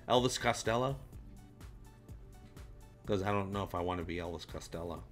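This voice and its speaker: A male livestream host talks loosely and casually, reading viewer comments aloud and swearing now and then. His voice has a bright, forward tone. Faint music plays underneath. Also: fairly low pitch, fairly even intonation, moderate pace, long pauses.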